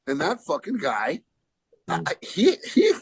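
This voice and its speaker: Husky guy rambling thru a story, doing voices for everyone. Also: a little high, slow, no echo, low-quality recording. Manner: animated, acts out quoted voices; rambling with restarts. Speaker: guest musician. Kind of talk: casual anecdote telling.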